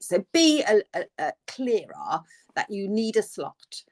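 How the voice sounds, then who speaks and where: Lady nurse chatting on a podcast, acts out quotes, normal pitch. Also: unhurried. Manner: animated storyteller, acts out quoted phrases. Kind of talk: casual advice chat.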